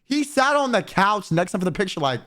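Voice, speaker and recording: A young man, a streamer, telling a profane, animated story in casual chat and quoting people in put-on voices. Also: high-pitched, fast talker.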